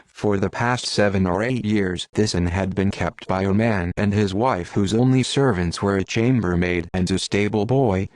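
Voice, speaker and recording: A man narrating an audiobook with an even, steady reading. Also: lowish voice, no echo, studio quality. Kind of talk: scripted narration.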